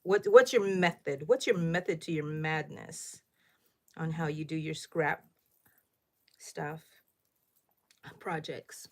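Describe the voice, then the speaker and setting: A middle-aged woman with a lilt hosts a casual crochet livestream, talking a little loud and thinking out loud as she works. Her voice sits slightly low for a woman, and she keeps turning to her viewers with questions. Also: slow pace, pauses often. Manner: chatty, thinks aloud, asks viewers questions. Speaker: livestream host.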